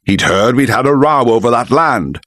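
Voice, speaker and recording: A man's voice: mid-range voice, expressive, moderate pace, a bit bright, no room sound, studio quality, voice pushed up, lightly acted. A man voicing an angry, defensive married man who answers in short, snapping lines. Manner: curt, snapping.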